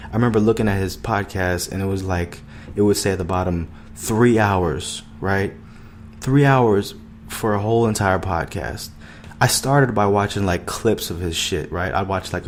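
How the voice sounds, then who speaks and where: A young man with a notably low voice talks through a casual podcast monologue. He curses freely and strings thoughts together with loose fillers, and faint background noise sits under him. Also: a little mellow. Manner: profane, loose and conversational, lots of fillers. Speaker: podcast host.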